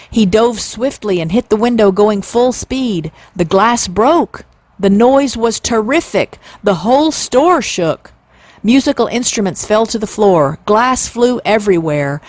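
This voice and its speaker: A woman in her sixties reading a classic children's novel aloud, expressive and playing up the sound words. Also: medium pitch, dry recording. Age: 60s. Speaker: storyteller.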